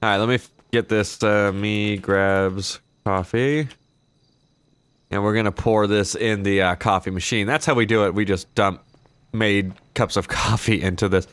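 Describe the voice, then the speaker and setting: A young man plays a shop clerk in an online roleplay game, mixing casual gameplay commentary with in-character chat. His voice sits lowish and steady, a bit bright and brisk, recorded dry. He swears occasionally and draws out his action emotes.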